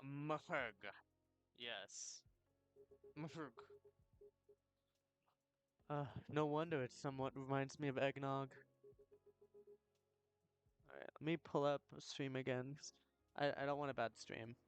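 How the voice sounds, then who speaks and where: A man's voice: mid-range voice, flat delivery, normal speed, pauses often. A man hosting a gameplay video, chatting in a laid-back way and often correcting himself as he plays. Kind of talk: casual game commentary.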